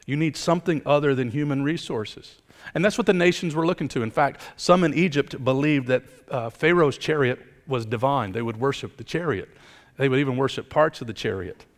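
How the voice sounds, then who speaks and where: A middle-aged man preaching a sermon as pastor, swinging from emphatic rises down to quiet, low appeals. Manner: emphatic preaching, building up and then dropping low. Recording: long hall reverb.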